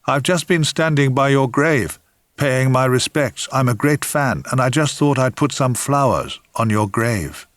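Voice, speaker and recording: A man's voice: medium pitch, lively intonation, a little slow, dry recording, clean studio sound, lightly acted. An older man reading aloud, voicing a solemn, awkward male fan with a thick voice in a storybook reading. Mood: earnest. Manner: solemn, earnest, slightly sad. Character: earnest, awkward middle-aged male fan.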